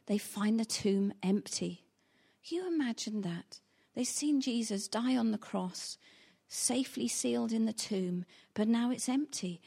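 Husky, mellow-toned woman preaching a story. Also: on the high side. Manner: storytelling, acting out quoted lines with rising intensity. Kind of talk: sermon retelling a Bible story.

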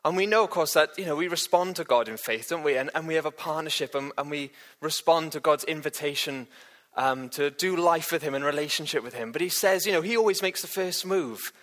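A man preaches in a loose, chatty way, full of fillers, asides and little jokes. His voice is bright and forceful and sits a little high for a man. The tone is relaxed, like a friendly morning talk to a church. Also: a little fast. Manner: chatty and humorous, lots of fillers and restarts.

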